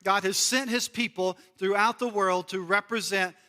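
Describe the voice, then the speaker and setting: A man's voice: sits high, steady tone, normal speed, bright, forceful tone, in a large hall. A man from the United States preaching a sermon as pastor in a church, earnest and repeating key phrases for emphasis. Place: church sanctuary.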